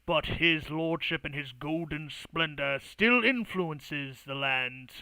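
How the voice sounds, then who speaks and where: A man doing a calm, measured noble diplomat. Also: on the high side, clean tone, no echo, heavily acted, poor audio. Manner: calm, slow, persuasive.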